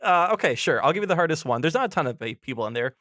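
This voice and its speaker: A man's voice: fairly high pitch, animated, racing, pushed and bright, dry recording, studio quality. Chatty man co-hosting a film podcast. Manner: chatty, laughs often, stumbles over names. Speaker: podcast co-host. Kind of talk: casual film discussion.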